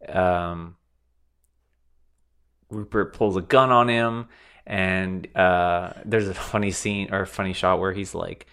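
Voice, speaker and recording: A man hosting a podcast, recapping a film in relaxed, wry casual chat with lots of fillers. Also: deep voice, slow pace, long pauses, clean tone. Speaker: podcast host.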